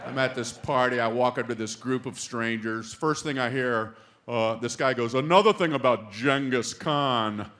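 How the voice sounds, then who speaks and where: A man stand-up comedian telling a wry, sheepish story, with awkward pauses. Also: medium pitch, fairly bright tone. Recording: live comedy show with audience noise.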